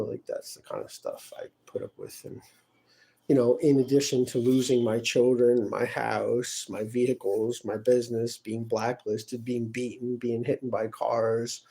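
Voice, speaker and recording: A man talking in a rambling, aggrieved personal monologue, weary and often trailing off quietly. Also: mid-range voice. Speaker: vlogger.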